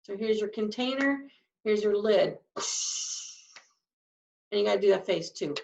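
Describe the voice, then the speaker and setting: A woman's voice: mid-range voice, measured pace, creaky, a little mellow, reverberant. A woman teaching sign language, patiently explaining each sign step by step. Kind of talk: slow, patient instruction. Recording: dull lo-fi sound, from a distance.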